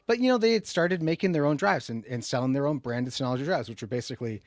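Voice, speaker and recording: A man hosting a casual tech livestream. He rambles and restarts a lot, jumping between loud emphatic bursts and low muttered asides. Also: expressive, quick pace, hardly any pauses, dry recording, clean studio sound. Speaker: livestream host.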